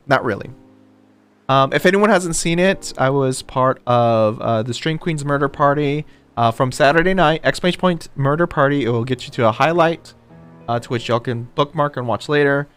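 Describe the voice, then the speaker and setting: A man's voice: medium pitch, normal speed, fairly bright tone, clean tone. Chatty man greeting stream viewers. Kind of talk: casual live-stream chat.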